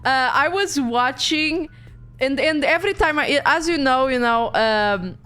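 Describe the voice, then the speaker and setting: A young woman with a Portuguese accent, chatting casually on a game stream, animated, swearing freely and often restarting her sentences. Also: sits high, measured pace, soft background music.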